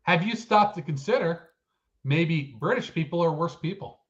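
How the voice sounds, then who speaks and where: A man from the United States co-hosting a casual chat show, thinking out loud with many fillers. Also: on the high side, expressive, moderate pace, lo-fi sound. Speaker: co-host.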